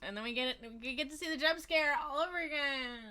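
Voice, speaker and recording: Young woman streaming a spooky game, bright voice pitched a bit high, chatty and crude, lots of quick self-mocking asides. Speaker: livestreamer. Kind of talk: casual gameplay commentary.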